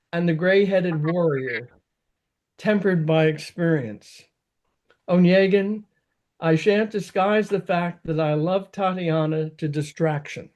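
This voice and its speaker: A man's voice: fairly high pitch, darkish tone, muffled recording. A man reading aloud the lines of an older nobleman who speaks earnestly of his love for his young wife. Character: older nobleman, devoted husband, tender and earnest.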